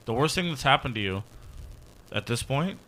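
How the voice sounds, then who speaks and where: A man's voice: medium pitch, lively intonation, normal speed, pushed and bright, slight background noise, low-quality recording. A man co-hosting a podcast in casual chat, mostly giving short agreeing replies with some casual swearing. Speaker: podcast co-host.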